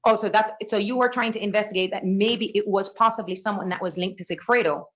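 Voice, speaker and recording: A woman attorney examining a witness at a rapid clip. Her questions are brisk and leading, and she keeps punctuating them with "okay" and "all right". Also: mid-range voice. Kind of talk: courtroom direct examination. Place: courtroom.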